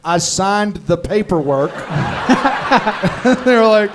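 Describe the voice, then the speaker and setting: A man's voice: high-pitched, animated, drawn-out words. A man hosting a comedy Q&A, telling loose, jokey stories and laughing often in a casual chat. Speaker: comedy tour host, teacher.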